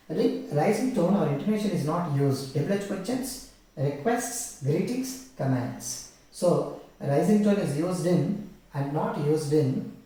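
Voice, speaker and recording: A man takes a class through exam questions, going back over each key term. His voice sits a little high and has a mellow tone. He is heard from some distance in a very echoey room. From India. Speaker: English teacher. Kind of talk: exam-prep lecture.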